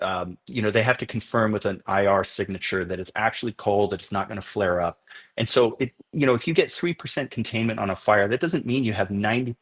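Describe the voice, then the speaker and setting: A man on a podcast interview, explaining things at length and telling animated stories from his filming work. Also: lowish voice. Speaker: documentary filmmaker guest.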